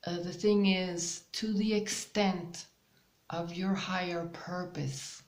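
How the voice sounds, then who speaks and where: A woman hosting a spiritual channel, talking slowly and hesitantly with many pauses and fillers. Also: on the low side, steady tone, roomy sound. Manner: slow, hesitant, with many ums and soft laughs. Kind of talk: casual spiritual guidance monologue.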